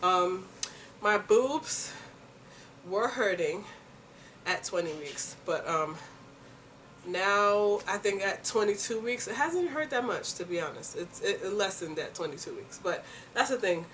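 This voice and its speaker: A young woman in a casual, chatty home vlog, animated, laughing easily and filling pauses with likes and ums. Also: medium pitch, distant mic, slight background noise. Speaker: vlogger. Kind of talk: casual pregnancy update vlog.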